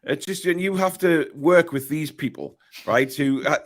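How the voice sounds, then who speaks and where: A man's voice: on the high side, moderate pace. A man with a Geordie accent hosting a casual football chat on a live stream, reading out viewer messages. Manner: chatty, reads out viewer messages. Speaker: podcast host. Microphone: desk mic, live stream.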